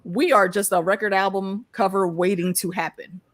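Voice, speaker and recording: A woman hosting a casual show discussion, animated, laughing often and repeating her words as she talks. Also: mid-range voice, normal speed, no echo, studio quality. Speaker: host.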